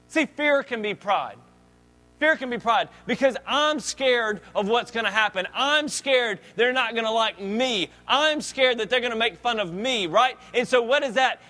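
A man's voice: very high-pitched, bright, forceful tone. A man preaching a sermon as a pastor, reading scripture and explaining it in a conversational way with joking asides.

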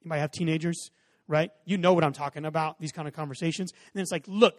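High-voiced pastor preaching in a hall. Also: male voice, steady tone, racing, studio quality. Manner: conversational storytelling, acts out exchanges in raised voices. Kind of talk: sermon. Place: church sanctuary with a stage and audience seating.

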